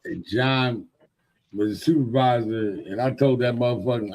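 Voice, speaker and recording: A man's voice: medium pitch, moderate pace, darkish tone. A man in a casual podcast chat, telling work stories in a blunt, profane, boastful way.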